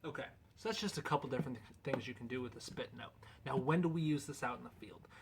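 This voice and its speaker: A man's voice: mid-range voice, fast, noisy background. Casual man explaining goose calls. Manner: loose, conversational, folksy. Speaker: goose-call instructor. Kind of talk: casual instructional video.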